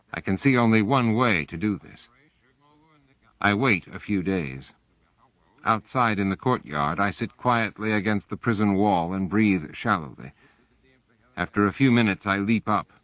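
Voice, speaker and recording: A man narrating an audiobook in the first person with measured, even storytelling. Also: on the low side, no echo. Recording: dull, dry audiobook recording.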